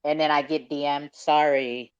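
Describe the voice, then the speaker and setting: Brief: relaxed man hosting a call chat, cusses, laughs a lot, muffled lo-fi audio. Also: fairly high pitch, moderate pace, clean tone, no room sound. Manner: laid-back, profane, laughs often. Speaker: host.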